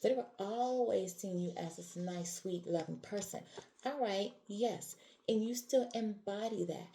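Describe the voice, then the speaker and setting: A woman gives a casual tarot reading, talking straight to her viewers and hammering her points home. Her voice is mellow and warm. A faint hiss sits under the recording. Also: lowish voice, rough recording. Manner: talks straight to viewers, emphatic and repetitive. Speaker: tarot reader.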